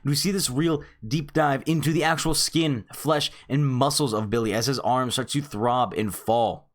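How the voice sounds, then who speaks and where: A man's voice: medium pitch, moderate pace. A man reviewing a comic chapter in a casual recap, telling the story with animation and calling his viewers friends.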